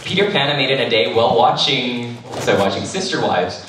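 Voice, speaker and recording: A man's voice: medium pitch, animated, brisk, a crowd in the background. Chatty man in an echoey hall. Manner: chatty, laughs often, swears casually. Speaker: cosplay panel guest. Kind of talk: casual Q&A answers. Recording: echoey hall from far off, faint noise.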